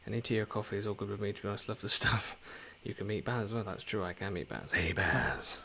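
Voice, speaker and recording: A man's voice: lowish voice, fairly even intonation, fast, vocal fry, a bit bright, a little hiss or hum. A man streaming a story game, chatting casually and rambling as he reads the dialogue. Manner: chatty and rambling, often trailing off. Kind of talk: casual gameplay commentary and reading game dialogue aloud.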